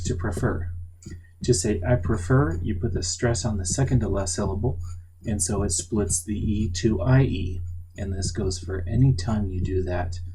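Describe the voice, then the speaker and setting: Man teaching a lesson, low voice. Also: noisy background. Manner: patient, stresses example words loudly. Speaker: Spanish teacher. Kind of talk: explaining grammar in a recorded lesson.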